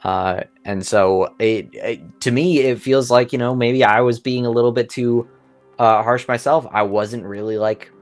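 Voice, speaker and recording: A tired man late at night in a casual chat, speaking in a reflective, measured way. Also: medium pitch, steady tone, soft background music. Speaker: podcast guest.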